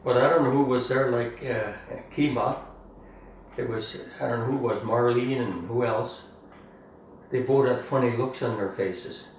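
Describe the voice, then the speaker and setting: A man's voice: medium pitch, a little slow. An older man reminisces in a rambling, chuckling way, often tagging his sentences with "eh?". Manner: rambling, chuckling, ends phrases with "eh?". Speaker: family storyteller. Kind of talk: casual reminiscing. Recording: roomy, distant mic, faint room noise.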